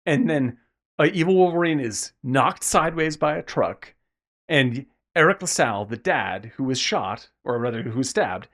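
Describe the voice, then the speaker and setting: A man in casual film-podcast chat, talking at a middling pitch. He retells scenes with lively, animated energy and drops in acted-out lines. His delivery is loose and conversational, with some swearing. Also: normal speed. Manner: animated, acts out characters' lines mid-story. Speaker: podcast co-host.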